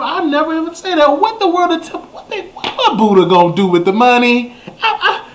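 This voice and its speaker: A young man hosting a talk show, telling a story in a comic rant that jumps up into high exclamations. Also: normal speed. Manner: animated, jumps to high exclamations, repeats himself. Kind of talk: comedic ranting storytelling.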